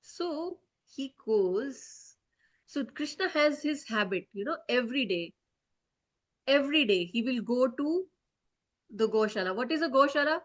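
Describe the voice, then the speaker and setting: A woman whose voice sits fairly high leads a children's lesson, telling a story with lively energy. She keeps asking the kids "okay?" and "right?" to keep them engaged. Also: unhurried. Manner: animated, checks in often with the kids. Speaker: children's teacher.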